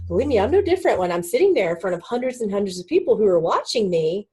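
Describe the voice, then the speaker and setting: Warm, breathy-voiced woman teaching spirituality. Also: mid-range voice, fast talker, few pauses. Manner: animated, laughs often, acts out voices in stories. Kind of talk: casual spiritual teaching talk.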